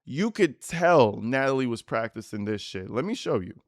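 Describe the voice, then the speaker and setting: A man with a medium-pitched voice, lively intonation and moderate pace hosts a commentary channel, reacting to interview clips in a mocking, profane way and reading text messages in put-on voices. The recording is dry and studio quality.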